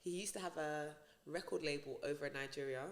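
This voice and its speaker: A woman's voice: low voice, a little fast. A woman, chatting casually as a podcast guest, laughing often. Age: 20s. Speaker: radio presenter, podcast guest. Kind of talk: casual chat.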